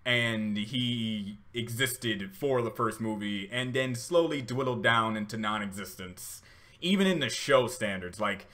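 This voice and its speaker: Male reaction host, bright edgy tone, mid pitch, loose rambly delivery full of fillers. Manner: rambling, many fillers and restarts; emotional, laughing through tears. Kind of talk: casual reaction commentary.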